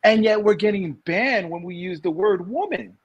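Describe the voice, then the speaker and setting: A man in his thirties from New York co-hosts a casual podcast. His voice is a bit husky and sits a little high, and he rambles through repeated restarts before pushing out his main points. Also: animated, normal speed. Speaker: podcast co-host. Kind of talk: casual opinion chat.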